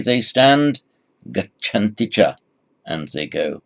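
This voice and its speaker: A man teaching a Sanskrit lesson, slowly repeating each phrase for the learner. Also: on the low side, big pitch swings. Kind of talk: recorded language lesson.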